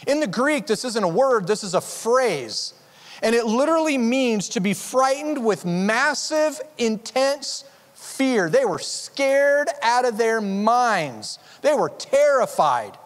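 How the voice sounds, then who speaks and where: In a church sanctuary, a pastor with a very high voice preaches a sermon that trails off into a long reverb. His manner is earnest and conversational, and he often restarts his sentences.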